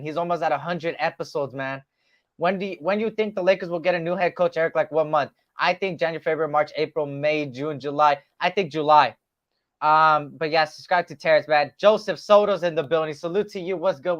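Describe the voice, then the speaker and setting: A man hosting a casual live stream, greeting chat viewers by name in relaxed, slangy talk. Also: on the high side. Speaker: livestream host. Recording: dull lo-fi sound.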